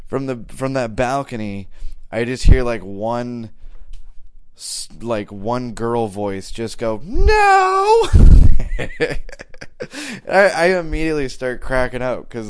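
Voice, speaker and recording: A man's voice: medium pitch, smooth. A man in his thirties telling a rambling, self-mocking story full of fillers and restarts. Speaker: stand-up comedian. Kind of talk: casual storytelling.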